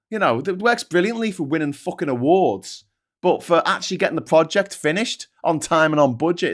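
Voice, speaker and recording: A man delivers a heated, sarcastic rant, swearing freely and tripping over restarts. His pitch swings widely as he talks. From Liverpool, England. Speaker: vlogger, channel host. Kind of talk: casual ranting monologue.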